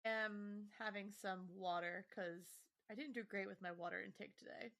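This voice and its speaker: Giggly woman co-host with a bright, sharp voice, easygoing chatter. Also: medium pitch, steady tone. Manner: giggly, quick to agree. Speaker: podcast co-host. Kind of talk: casual chat.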